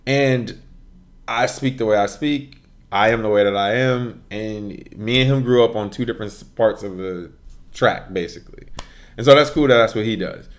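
A man telling a story in casual chat as a podcast co-host, animated and full of fillers. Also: on the low side, moderate pace.

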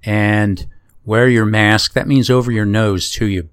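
A middle-aged man with a fairly low voice chats on a podcast beside his son. He talks bluntly and jokes a lot, then slips into a gentle lecture. The sound is dry and close, with no room around it. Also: fairly even intonation, unhurried, smooth, no room sound. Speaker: podcast co-host, the host's father. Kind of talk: casual podcast chat.

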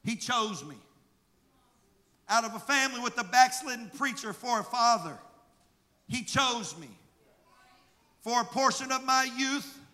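A man with a Southern accent preaching a rhythmic sermon as pastor, swinging between hushed passages and shouted refrains. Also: very high-pitched, lively intonation, measured pace, pauses often. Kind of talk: fiery sermon. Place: church sanctuary. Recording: long hall reverb, faint crowd and noise.

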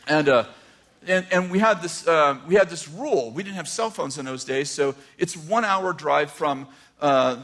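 An older man preaching a sermon, telling a personal story with animated swings from hushed asides to near shouts. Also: fairly high pitch. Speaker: pastor.

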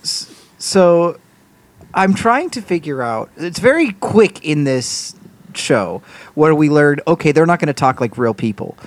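A man's voice: a little high, very animated, unhurried. A man in a casual podcast chat, searching for words and speaking emphatically. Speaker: podcast co-host.

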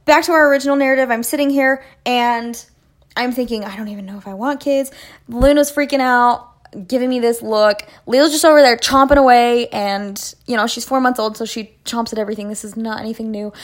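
Young female podcast host with a fairly high voice, animated and self-mocking as she tells a rambling story. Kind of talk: storytelling monologue.

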